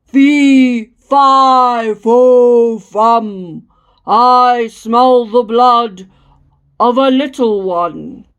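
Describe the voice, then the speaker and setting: A woman voicing a huge, menacing male giant in a storybook reading, chanting slowly and loudly. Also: high-pitched, highs cut off. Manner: slow, loud, menacing chant.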